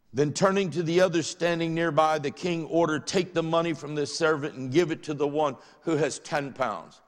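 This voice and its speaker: A man's voice: a little high, fairly even intonation, moderate pace, few pauses. A man with a Southern US accent preaching a sermon, reading scripture aloud and then explaining it in plain words. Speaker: pastor. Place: church sanctuary. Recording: church audio with long hall reverb.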